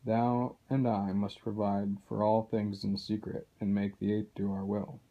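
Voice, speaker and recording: A man's voice: lowish voice, level tone, unhurried. A man reading aloud as a cold, haughty male captain who speaks in a formal, lofty way. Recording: dull lo-fi recording.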